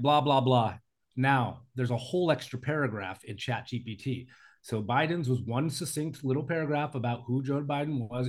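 Heated emotional man ranting on a podcast. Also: medium pitch. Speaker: podcast co-host. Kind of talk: casual chat.

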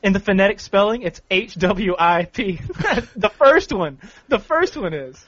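Blunt, matter-of-fact higher-voiced man. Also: expressive, a little slow, a bit bright, husky, no echo. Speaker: podcast co-host. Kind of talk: casual chat. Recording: dull lo-fi dry recording.

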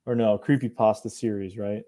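A man's voice: lowish voice, little pitch movement, normal speed, dark tone. A young man from northern Appalachia, co-hosting a casual chat in a laid-back, rambling way with frequent chuckles. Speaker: co-host of a cryptid show.

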